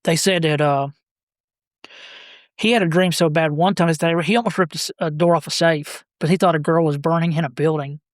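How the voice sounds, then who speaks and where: A man's voice: a little high, no echo, studio quality. Rambling man telling family stories. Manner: rambling, halting, laughs through stories. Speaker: podcast guest. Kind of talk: casual storytelling.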